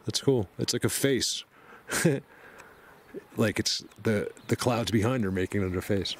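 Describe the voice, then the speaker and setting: A man vlogging outdoors on a mountain road, rambling excitedly to his viewers from a helmet camera. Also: lowish voice, unhurried. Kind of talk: casual outdoor vlog.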